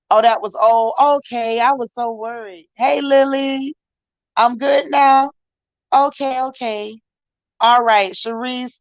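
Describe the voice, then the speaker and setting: A woman's voice: a little high, clean tone, dull audio. Chatty woman hosting a livestream. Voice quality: throat recovering. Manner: warm, chatty, Southern-style slang, calls viewers y'all. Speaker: livestream host. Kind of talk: casual livestream chat greeting viewers. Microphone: live stream mic with sound trouble.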